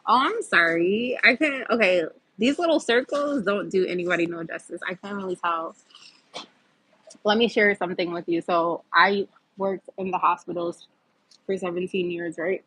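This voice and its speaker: Chatty lady in her 50s on a livestream, husky low-ish voice, laughs a lot. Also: moderate pace, a bit bright, low-quality recording. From US East Coast. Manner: chatty, candid, laughs often. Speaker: livestream host. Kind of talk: casual live chat reading comments.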